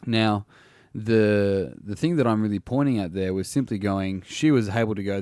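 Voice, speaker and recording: A man's voice: lowish voice, normal speed, hardly any pauses, dark tone, dry recording, clean studio sound. A man hosting a solo podcast and working as a coach, talking casually and bluntly, swearing freely and restarting his sentences often.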